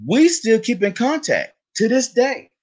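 A man telling a funny story in a casual chat, animated and profane, acting out other people's voices. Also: very high voice, unhurried.

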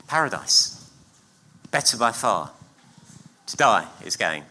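A middle-aged man preaching a sermon in church, emphatic and repeating key phrases with pauses between them. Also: fairly low pitch, big pitch swings, sharp tone. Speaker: pastor.

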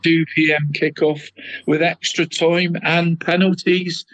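A man's voice: fairly high pitch, flat delivery, takes it slowly, a bit bright, dry recording, poor audio. A man co-hosting a football podcast in casual chat, who keeps adding "mate" and often stumbles over his words.

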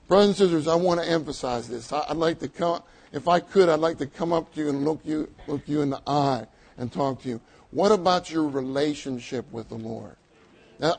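A man's voice: high-pitched, low-quality recording. An older man preaching a sermon to a meeting, emphatic, repeating his key phrases and laughing lightly between points.

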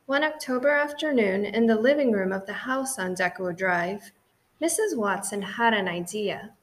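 A woman narrating a children's audiobook in a gentle, clear and expressive way. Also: mid-range voice, moderate pace.

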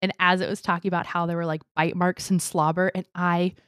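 A young adult woman co-hosting a casual podcast, chatty and animated, telling stories with quoted voices. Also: on the low side, fairly quick, clear, resonant tone, no echo, studio quality. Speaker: podcast co-host. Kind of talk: casual chat.

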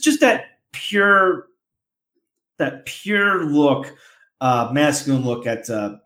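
A podcast host with a mid-range, fairly bright voice chats casually and makes rambling announcements. His delivery is full of fillers and restarts.

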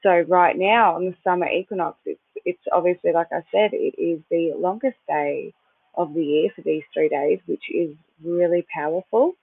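Host, chatty and meandering, with a gravelly edge, recorded dry and phone-thin. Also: medium pitch, normal speed, no echo. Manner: rambling, chatty, loses track and restarts; occasional swearing. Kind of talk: casual spiritual talk. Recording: dry, tinny phone-like sound.

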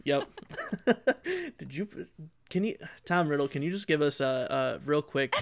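A man's voice: on the high side, very animated, measured pace. Laughing, joking male podcast host. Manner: loud laughing, joking, reads listener emails. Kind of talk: casual chat.

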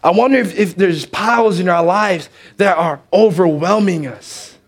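A man's voice: high voice, normal speed. A man preaching in church, telling a story with energy and acting out the characters. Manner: animated, acts out the characters. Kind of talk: sermon storytelling.

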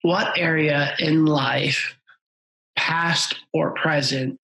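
A man's voice: on the high side, fairly even intonation, very slow, creaky, pushed and bright, low-quality recording. A man hosting a podcast interview, talking in an earnest, reflective way. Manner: earnest, reflective, sometimes playful. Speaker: podcast host. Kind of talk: conversational interview.

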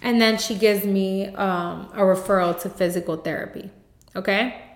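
A woman's voice: mid-range voice, steady tone, normal speed. A woman hosting her own podcast, telling her personal story with candid emotion and speaking straight to her listeners. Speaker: podcast host. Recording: echoey room.

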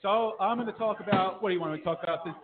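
A brewery staff member at the bar casually explains the beers in a high, racing male voice, stumbling over many hesitant fillers. The sound is tinny, like a phone.

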